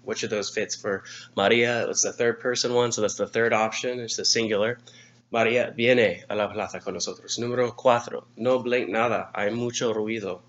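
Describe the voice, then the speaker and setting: A man's voice: on the low side, fairly even intonation, brisk, a bit bright. A man teaching a grammar review lesson, explaining patiently and spelling words out letter by letter. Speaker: Spanish teacher. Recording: dull lo-fi recording.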